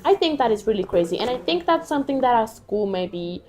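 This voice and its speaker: A woman's voice: a little high, very animated, quick pace, a little mellow. A teenage girl interviewing classmates at a school language festival, chatty and giggly, with lots of fillers. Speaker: student interviewer.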